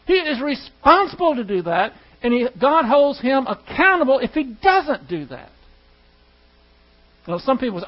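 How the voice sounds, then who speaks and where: High-voiced emphatic male preacher, lo-fi. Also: big pitch swings, a little slow. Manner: emphatic, rhetorical questions, acts out quoted dialogue. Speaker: preacher teaching a class. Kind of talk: sermon-style teaching with prayer.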